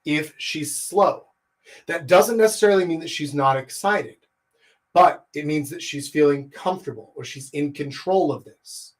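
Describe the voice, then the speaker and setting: A man in a somewhat high register runs a live coaching session, talking straight to his viewers. He keeps it animated, pushing his voice up and down and speeding up or slowing down to show what he means, with plenty of rhetorical questions along the way. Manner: animated, shifts pitch and speed to demonstrate. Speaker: dating coach. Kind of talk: livestreamed coaching lecture.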